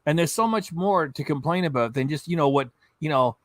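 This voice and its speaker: A man's voice: a little high, expressive, a little fast, a bit bright, dry recording. A man giving mocking, profane reaction commentary on a video he is watching. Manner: scornful, profane.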